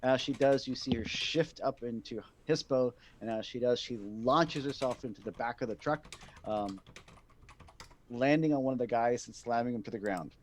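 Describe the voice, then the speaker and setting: A man running a tabletop game as game master, narrating in a relaxed, rambling way with frequent fillers. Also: medium pitch, moderate pace, slight background noise. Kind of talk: narrating a tabletop game over a live stream.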